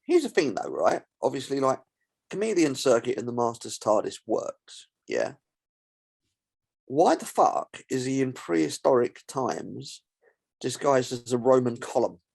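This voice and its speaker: A man's voice: medium pitch, sing-song, a little slow, creaky, darkish tone, slightly rough. A man joining a casual podcast chat as a guest, laid-back and blunt, swearing casually.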